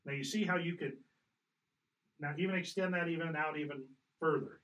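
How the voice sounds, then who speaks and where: A man coaching in a casual way, patient and corrective, stopping to demonstrate calls. His voice is bright and a bit higher than most men's. He sounds somewhat distant from the microphone. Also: brisk, highs cut off. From Colorado. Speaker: hunting guide.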